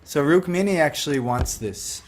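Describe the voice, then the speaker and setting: A man's voice: on the high side, expressive, moderate pace, a little hiss or hum. A man giving a devotional talk, retelling a sacred story in a loose, conversational way full of "like" and "you know". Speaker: devotional speaker.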